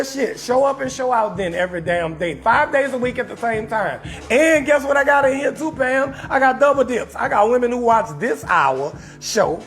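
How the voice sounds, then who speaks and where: A man's voice: very high-pitched, a bit bright. A man with a New Orleans accent hosting a live-streamed comedy talk show, rowdy and profane as he riffs on viewer comments and roasts them.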